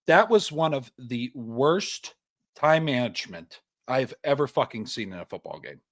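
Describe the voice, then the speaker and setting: A man's voice: mid-range voice, expressive, normal speed, fairly bright tone. A young man co-hosting a sports podcast, ranting heatedly and swearing often in casual chat. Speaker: podcast co-host.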